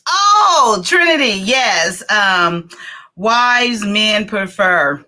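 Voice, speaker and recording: A woman's voice: fairly high pitch, bright, forceful tone. A woman hosting a live stream in casual chat, greeting viewers by name and laughing often. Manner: chatty, laughs often, reads viewer names aloud.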